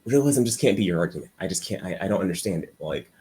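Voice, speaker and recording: A man's voice: deep voice, animated, fast, mellow, slightly rough. A man giving an unscripted commentary monologue for a video essay. He rambles and stutters, restarting his sentences often.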